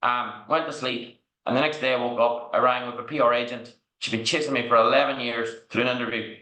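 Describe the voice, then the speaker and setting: Speaking a little fast with a steady, medium-pitched voice that's bright and forceful, an Irish man guesting on a podcast tells frank, meandering stories. He keeps asking "right?" as he goes, and the room echoes.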